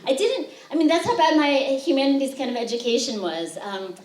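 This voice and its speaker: A woman poet with a fairly high voice reads her work and tells chatty, humorous stories, often pausing on "um". She sounds set back from the microphone. The lecture room around her is echoey. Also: expressive, darkish tone. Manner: chatty, humorous storytelling with frequent "um" fillers. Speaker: poet giving a reading. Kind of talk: poetry reading with spoken anecdotes. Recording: roomy sound, voice distant from the mic.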